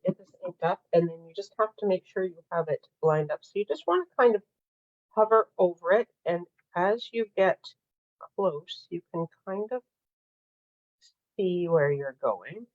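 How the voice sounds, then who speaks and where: A middle-aged woman demonstrating a craft project in casual chat, laughing often and filling pauses with "uh.". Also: lowish voice, animated, phone-quality sound. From Canada. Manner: chatty, laughs often, many fillers. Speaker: craft instructor.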